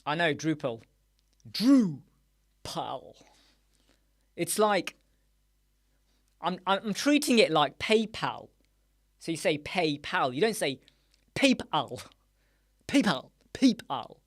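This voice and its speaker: A man's voice: a little high, sing-song, a little slow, pauses often. A man chats with his viewers on a live stream in a loose, joking way. He riffs on silly wordplay and laughs easily between his answers. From United Kingdom. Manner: jokey, playful, riffs on words and laughs often. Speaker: live chat show host. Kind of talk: casual live-stream chat. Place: small dark room with soundproof panels.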